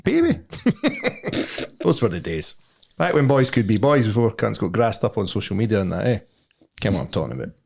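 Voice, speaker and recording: A Scottish man co-hosting a podcast, teasing his friends with quick jokes in a casual chat. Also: on the low side, expressive, vocal fry, darkish tone. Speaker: podcast co-host.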